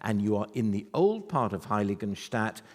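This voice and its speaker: A man's voice: fairly low pitch, sing-song, normal speed. A man in his eighties giving an anecdotal, self-deprecating talk about his life to a festival audience. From United Kingdom. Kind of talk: storytelling lecture to a live audience. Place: festival venue before an audience. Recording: reverberant hall.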